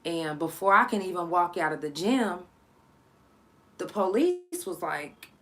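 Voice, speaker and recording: A woman from Oklahoma hosting a live storytime podcast, telling her story in a loose, profane, halting way with many fillers. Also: on the low side, lively intonation. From Oklahoma, USA. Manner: sharp, irritated scolding at callers. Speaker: podcast host.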